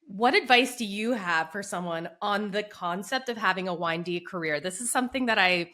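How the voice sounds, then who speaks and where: Bright-voiced woman interviewer. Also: medium pitch, normal speed. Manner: encouraging, enthusiastic listener. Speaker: podcast host, interviewer. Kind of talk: casual interview conversation.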